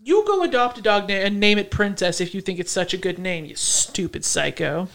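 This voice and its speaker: A woman co-hosting a podcast, talking in an animated, profane way with laughing asides. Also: medium pitch, fairly quick, gravelly. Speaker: podcast co-host. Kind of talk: casual chat, reading a story aloud.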